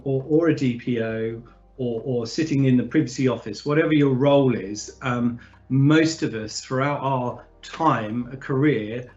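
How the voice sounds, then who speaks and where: A man hosting a discussion in a relaxed, chatty way, often pausing and restarting his sentences. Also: mid-range voice, highs cut off. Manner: hesitant, many fillers and restarts. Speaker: podcast host. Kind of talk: casual conversational hosting.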